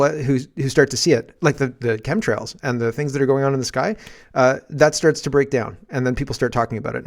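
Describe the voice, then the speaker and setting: A man with a Canadian accent hosting a casual political commentary podcast, rambling and animated, breaking into shouts when he acts out scenes. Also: medium pitch. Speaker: podcast host.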